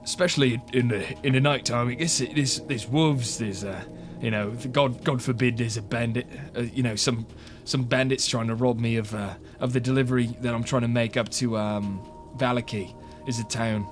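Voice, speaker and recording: A man voicing a gruff, weary older male merchant in a tabletop game, talking in a grumbling way. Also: medium pitch, steady tone, moderate pace, hardly any pauses, music in the background, lightly acted.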